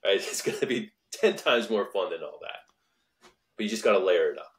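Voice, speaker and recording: A man in his thirties hosts a podcast with an earnest, motivational delivery, hammering points home by repeating them. His voice is somewhat low for a man. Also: animated, normal speed, a bit bright. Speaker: podcast host. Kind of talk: casual podcast conversation.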